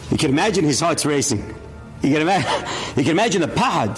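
Animated man telling a sermon story. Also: on the high side, fast, faint music behind. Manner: animated, acts out dialogue of the story's characters. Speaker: religious storyteller.

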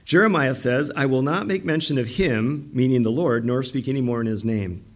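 A middle-aged male pastor preaching a sermon in an animated way, acting out the voices he quotes. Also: medium pitch, moderate pace.

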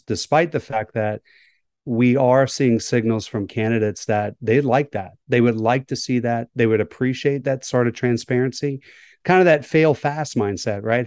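A man's voice: medium pitch, darkish tone, dry recording, clean studio sound. A man, a workplace psychologist, answering interview questions in a thoughtful, hedging way. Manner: thoughtful, hedging with "right?" and "kind of".

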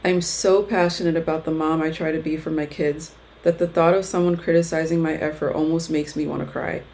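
Heartfelt mom podcaster, low voice. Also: female voice, steady tone, brisk, darkish tone, poor audio. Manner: heartfelt, encouraging, gets emotional. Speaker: podcast host. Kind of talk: reading her blog post aloud, then casual chat.

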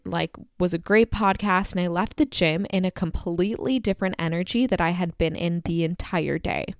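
Young woman podcast host, lower register, dry close sound; casual, candid solo chat peppered with fillers and swearing. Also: no echo. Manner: candid and chatty, heavy use of "like"; swears freely.

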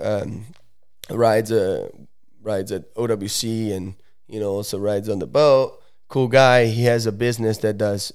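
A man's voice: lowish voice, darkish tone, smooth. A young Italian-born man, a podcast guest, telling a long story in a loose, slangy way with many fillers and restarts. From Italy. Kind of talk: casual storytelling.

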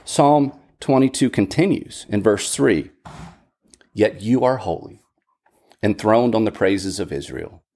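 A man's voice: on the low side, animated, a little slow, darkish tone. A man teaching a Bible study lesson in an earnest way, often restarting and repeating words.

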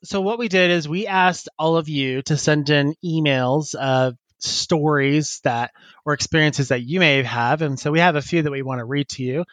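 A man's voice: on the high side, normal speed, a bit bright, dry recording. Laughing, rambling man podcast host. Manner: laughs often, rambling and self-interrupting. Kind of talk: casual podcast chat, reading listener emails.

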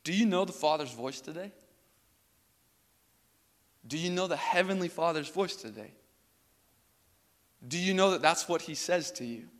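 A man's voice: fairly high pitch, lively intonation, normal speed, pauses often, a bit bright. A young man preaching a sermon, telling a personal story in a casual way with many filler words. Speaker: pastor. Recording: reverberant hall.

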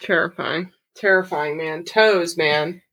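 A woman co-hosting a podcast, chatting casually and reacting with expressive disgust. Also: fairly low pitch, slow. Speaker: podcast co-host. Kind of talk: casual chat.

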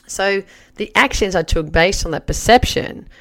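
A woman in her forties, a life coach, teaching through a personal story in a chatty, animated way. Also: mid-range voice, normal speed. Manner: chatty, animated, acts out her own past remarks.

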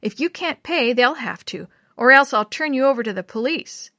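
A woman's voice: high-pitched, animated, moderate pace, bright, forceful tone, no echo, studio quality, voice pushed up, exaggerated voice. A woman voicing a furious woman who scolds and threatens a boy over a broken car window. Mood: angry. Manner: harsh, threatening. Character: angry woman whose car was hit.

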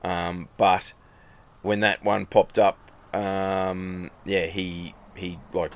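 Speaking very slowly in a deep voice with little pitch movement, a middle-aged Australian man rambles through a story in casual chat. He's a rally racer with an Australian accent, and he acts out the quoted dialogue as he goes.

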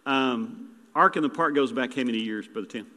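A man's voice: mid-range voice, fairly quick, sharp tone, in a large hall. A man preaching a folksy, rambling sermon as a guest preacher, full of jokes and restarts. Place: church sanctuary.

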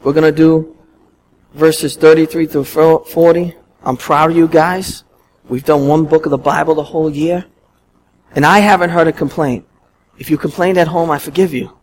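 A man preaching a sermon as pastor, telling a story in an animated, emphatic way. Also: a little high, normal speed, a little hiss or hum, low-quality recording. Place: church.

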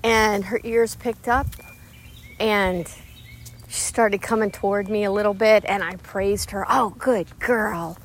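A middle-aged woman dog trainer telling a story to teach a lesson, in a calm, measured, reassuring way. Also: medium pitch. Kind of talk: instructional storytelling.

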